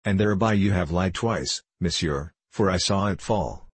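A man reading the part of a hot-tempered young Gascon in an audiobook, earnest and quick to take offence. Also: low voice, husky, no echo. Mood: indignant.

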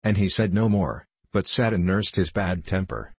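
A man reading a novel aloud as an audiobook narrator, in a steady, measured way. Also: low-pitched, husky, no echo.

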